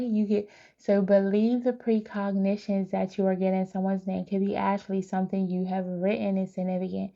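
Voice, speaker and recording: Gravelly, chatty woman giving a psychic reading. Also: mid-range voice, normal speed, highs cut off. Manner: chatty, animated, talks straight to viewers. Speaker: tarot reader.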